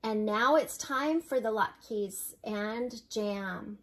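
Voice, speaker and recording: An older woman, a grandmother, reading a children's picture book aloud in a gentle, unhurried way with small slips and chuckles. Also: a little high. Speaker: storyteller.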